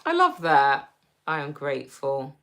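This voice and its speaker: A woman with a London accent hosting a casual livestream, reading viewer comments aloud and answering them gently and reassuringly. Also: deep voice, huge pitch swings, a little slow. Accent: London English. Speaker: livestream host.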